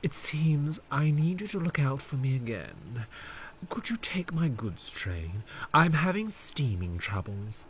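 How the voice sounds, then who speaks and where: A man's voice: medium pitch, very animated, a little slow, slight background noise, voice pushed up. A man voicing a proud, snappish male steam engine in a storybook tale. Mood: apologetic. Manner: snappish, haughty.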